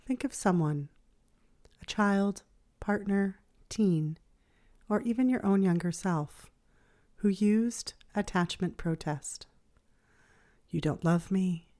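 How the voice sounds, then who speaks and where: A woman therapist hosting a podcast, reading her reflective script in a gentle, measured, soothing way. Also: medium pitch. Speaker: child therapist and podcast host.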